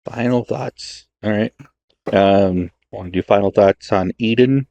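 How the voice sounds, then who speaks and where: Deep gravelly young man, hesitant. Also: measured pace, dark tone, lo-fi sound, slight background noise. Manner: hesitant, many ums and restarts. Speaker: podcast co-host. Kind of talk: casual film podcast chat.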